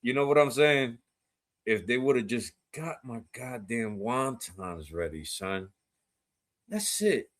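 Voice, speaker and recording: A man's voice: mid-range voice, slow pace. An American man telling kitchen stories in loose, slangy casual chat, laughing often. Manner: animated slang-heavy storytelling, laughs often.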